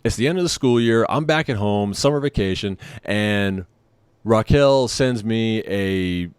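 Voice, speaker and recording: A man in his thirties from San Diego with a fairly low voice tells a loose, rambling story full of asides. The sound is close and dry, with no room around it. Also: a little slow, clean tone, dry recording. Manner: rambling, with many fillers and asides. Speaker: vlogger. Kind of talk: casual storytelling.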